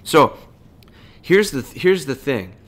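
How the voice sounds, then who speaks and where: A man's voice: a little high, animated, takes it slowly. A man hosting a podcast, giving casual dog training advice in a folksy way, full of rhetorical questions.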